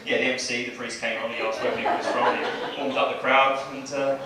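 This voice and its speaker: Chatty comic, roomy club sound. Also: male voice, mid-range voice, flat delivery, a little fast, over a noisy crowd. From Bexley, southeast London. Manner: chatty, tags lines with "right?". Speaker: stand-up comedian. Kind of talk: stand-up set. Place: small comedy club. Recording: roomy club audio from far off. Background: audience laughter.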